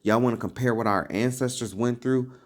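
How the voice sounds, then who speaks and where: A man's voice: medium pitch, fairly even intonation, brisk. A man giving preachy, casual commentary as an online religious commentator, emphatic and full of rhetorical questions.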